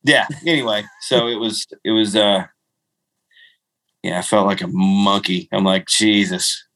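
A man's voice: on the low side, steady tone, a little slow, fairly bright tone, slight background noise, rough recording. A middle-aged man hosting a podcast, rambling through casual stories and laughing at himself. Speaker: podcast host. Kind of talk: casual storytelling chat.

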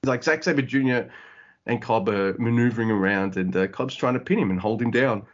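A man co-hosting a podcast, chatting casually in an animated way, swearing and acting out quotes. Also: medium pitch, brisk. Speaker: podcast co-host. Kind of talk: casual chat. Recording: dull lo-fi audio.

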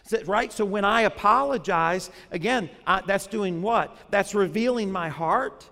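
A man's voice: sits high, measured pace, pushed and bright, big-room sound. A man, a pastor, preaching a sermon in a conversational way, often putting questions to the congregation.

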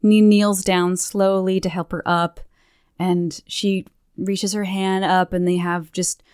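A woman co-hosting a podcast talks through a game's story in a lively, casual way, slipping into the characters' voices as she tells it. Her voice is smooth and clear, and it sits close and dry on the microphone. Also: mid-range voice, slow, dry recording. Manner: animated, acts out characters' lines with swearing and laughter. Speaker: podcast co-host. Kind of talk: casual chat recapping a game questline.

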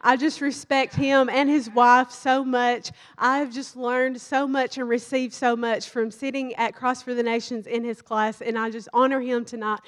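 A woman's voice: a little high, level tone, normal speed, few pauses. A young woman with a thick Kentucky accent, a Bible college student opening a sermon in a church, nervous and giggly. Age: young adult. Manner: nervous, giggly, self-conscious. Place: church hall.

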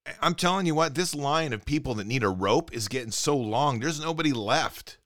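An indignant man hosts a political commentary show, reading out news and breaking into sarcastic rants. His voice is bright and forceful, recorded dry and close with no room sound. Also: mid-range voice, lively intonation, brisk, dry recording. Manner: indignant, sarcastic, reads news items aloud.

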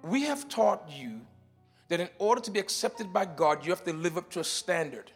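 A man preaching a sermon in a church, moving between shouted declarations and quiet teaching, often repeating words as he explains. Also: high-pitched, lively intonation, normal speed, soft background music. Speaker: pastor. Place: church sanctuary.

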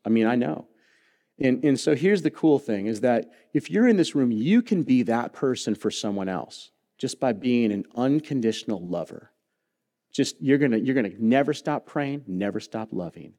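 A male pastor preaching to his congregation, weaving a personal story with light jokes and earnest appeals. His voice sits at an ordinary middle pitch, and he speaks from the stage of a church sanctuary. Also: dark tone. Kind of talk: sermon.

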